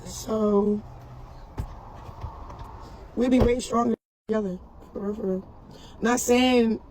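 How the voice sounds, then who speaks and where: Slow and fairly even in intonation, a mother's voice sits on the high side with a darkish tone, recorded on poor audio with slight background noise. Her casual, heartfelt message to followers is earnest and rambling, returning often to the fillers "for real" and "you know what I'm saying."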